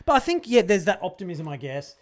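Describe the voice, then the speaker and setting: Man, podcast co-host, hesitant rambling chat, slightly high pitch. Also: big pitch swings, quick pace. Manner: hesitant, rambling, self-deprecating. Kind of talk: casual chat.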